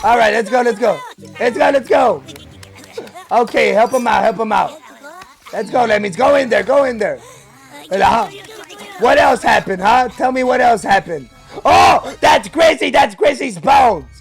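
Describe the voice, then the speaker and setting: Reaction host: excitable man, very high pitched, heavy vocal fry, faint music behind. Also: unhurried. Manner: excitable, exclaiming and narrating what he sees. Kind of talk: live reaction commentary.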